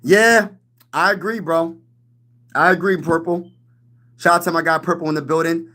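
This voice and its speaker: A man's voice: a little high, steady tone, moderate pace, sharp tone. A young man hosting a casual sports livestream, reading chat comments aloud and trash-talking other teams. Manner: hypes, reads and answers chat comments, talks trash.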